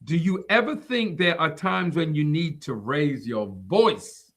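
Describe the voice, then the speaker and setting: Lively high-voiced laughing man. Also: unhurried. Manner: laughs often, teasing. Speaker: co-host. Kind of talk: casual chat.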